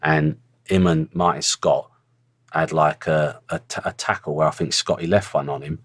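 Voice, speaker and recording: Blunt middle-aged ex-pro, very low voice, close dry sound, casual storyteller. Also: male voice, steady tone, moderate pace, no echo. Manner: blunt, earthy storytelling with swearing. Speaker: former footballer, guest. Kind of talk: casual interview chat.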